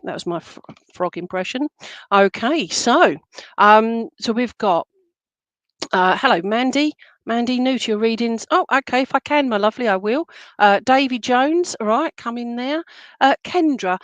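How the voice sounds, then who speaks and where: A woman's voice: a little high, animated, moderate pace, dry recording, muffled recording. Chatty woman giving live readings. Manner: chatty, reassuring, many fillers and pet names. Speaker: psychic medium. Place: room with a table of crystal animals.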